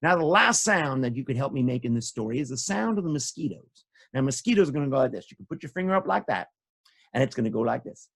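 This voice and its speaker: A man's voice: medium pitch, lively intonation, fast, creaky, a bit bright, husky. A man telling stories to children, playful and interactive, guiding his listeners through sound effects. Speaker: storyteller. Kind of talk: animated children's storytelling.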